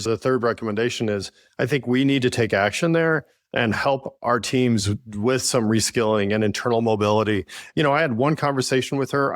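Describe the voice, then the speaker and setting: A man's voice: mid-range voice, dry recording. Earnest man on a podcast, dry sound. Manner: earnest, storytelling with frequent "I think". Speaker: podcast co-host and business leader. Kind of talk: casual conversational podcast chat.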